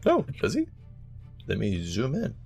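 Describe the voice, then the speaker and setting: A man running a tabletop game as game master, animated and quick to laugh. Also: on the low side, gravelly, husky, faint music behind. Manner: animated, laughs often, voices monsters in short quotes.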